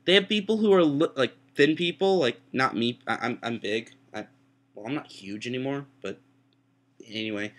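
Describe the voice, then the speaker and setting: A young man who is sick with a sore throat tells a rambling, self-mocking story into his webcam, breaking into high-pitched voices for quotes. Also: normal speed, fairly bright tone. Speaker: vlogger. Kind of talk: casual storytelling.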